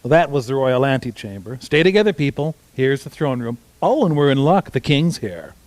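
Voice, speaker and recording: A man's voice: mid-range voice, sing-song, normal speed, a little mellow, dry recording, natural voice, poor audio. A man voicing a pompous male robot puppet, delivering lines with mock grandeur. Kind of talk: voice-over for a puppet comedy.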